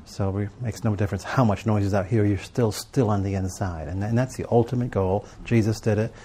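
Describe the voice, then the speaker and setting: A man's voice: lowish voice, steady tone, a little fast, warm tone, a little hiss or hum. A middle-aged man giving a sermon to a live audience, telling stories and asking rhetorical questions in a conversational way. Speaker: preacher teaching on prayer and journaling.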